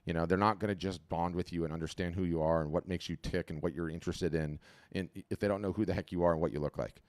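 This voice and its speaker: A low-voiced man hosts a live webinar over a video call from home, his mic close and dry. He talks in an animated, chatty flow, often repeating himself and restarting sentences as he gives his feedback on the fly. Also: fast talker, no room sound. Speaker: webinar host auditing artist profiles. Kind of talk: casual live webinar commentary.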